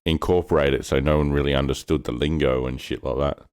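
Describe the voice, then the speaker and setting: A man with an Australian accent and a very deep voice, chatting casually and swearing freely as a podcast co-host. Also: steady tone, fast, a little mellow, smooth. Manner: laid-back, sweary, laughs often. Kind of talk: casual chat.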